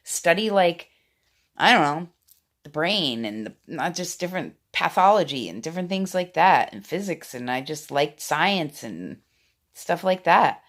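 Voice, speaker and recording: A woman in her forties talking to her phone camera in a rambling, excitable way, swinging from loud outbursts to hushed asides. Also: fairly low pitch, a little slow. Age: 40s. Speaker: vlogger. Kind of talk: casual talking-head monologue.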